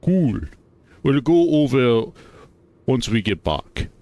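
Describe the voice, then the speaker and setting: A man's voice: medium pitch, animated, takes it slowly, mellow, voice pushed up. A man voicing a playful, reckless young male furry character while reading a visual novel aloud, in an eager, slightly raised voice.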